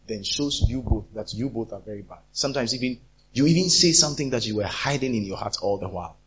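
A man's voice: medium pitch, quick pace, husky. A man preaching a sermon, acting out quarrels as he talks. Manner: animated, acts out quarrels in different voices. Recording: dull lo-fi recording.

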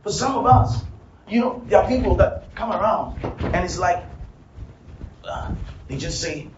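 Man, pastor: high-pitched, repetitive sermon that swells into shouting; dull, distant live recording in a reverberant hall. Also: very animated, unhurried, long pauses, slight background noise. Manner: repetitive preaching that builds to shouting. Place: church hall. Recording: roomy, distant, dull live church sound. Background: music and congregation.

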